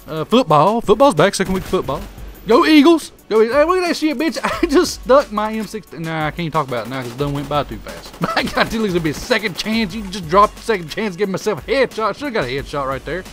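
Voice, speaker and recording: A man's voice: sits high, a bit bright. A man with a Southern hillbilly drawl giving crude, trash-talking commentary over his own shooter gameplay. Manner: brash trash-talking hillbilly persona, crude insults at opponents. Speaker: gaming commentator.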